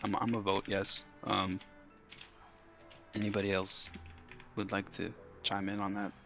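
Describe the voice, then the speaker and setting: A man playing a tabletop game, easygoing and quick to agree. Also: sits low, completely flat delivery, gravelly, pushed and bright, soft background music. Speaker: player. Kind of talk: casual tabletop game chat.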